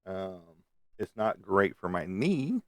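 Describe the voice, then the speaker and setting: A man's voice: sits low, sing-song, takes it slowly, dry recording. A middle-aged man chatting on a live stream from a room at home, blunt and profane, rambling between topics. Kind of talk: casual live stream chat. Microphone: webcam on a live stream.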